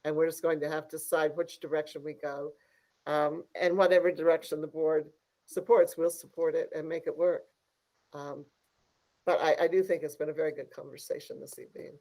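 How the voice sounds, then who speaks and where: A school district leader speaking at a virtual board meeting in a measured, hesitant way with many fillers, over a video call. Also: mid-range voice, flat delivery, darkish tone, poor audio.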